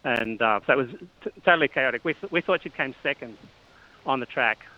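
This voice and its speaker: The audio is dull as a middle-aged Australian cycling coach, speaking briskly in a mid-range voice, chats casually as an interview guest. He comes across as hesitant, frequently restarting and filling gaps, with regular chuckles.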